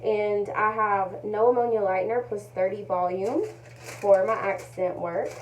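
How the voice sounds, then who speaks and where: A woman giving a calm, methodical step-by-step tutorial, narrating each move and repeating her key points. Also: mid-range voice, a little slow, slight background noise, rough recording. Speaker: hair color educator.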